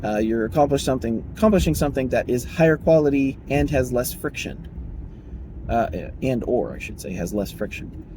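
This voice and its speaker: A man's voice: medium pitch, expressive, moderate pace, noisy background. A man talking casually on his own show, rambling and correcting himself as he goes. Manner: rambling, self-correcting, chuckling, mock dialogues in raised voice. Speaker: podcast host. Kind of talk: casual solo talk.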